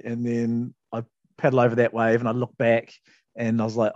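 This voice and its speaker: A man's voice: medium pitch, level tone, fairly quick, a little mellow, dry recording, muffled recording. A man, co-hosting a podcast and telling a casual story, laid-back, laughing often and swearing freely. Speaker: podcast co-host.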